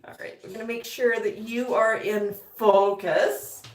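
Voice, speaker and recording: A woman's voice: medium pitch, fairly even intonation, measured pace, slight background noise. A woman hosting a pet vlog, cooing and chatting in sing-song baby talk to her parrot. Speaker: parrot owner and channel host. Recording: roomy, distant mic, faint music.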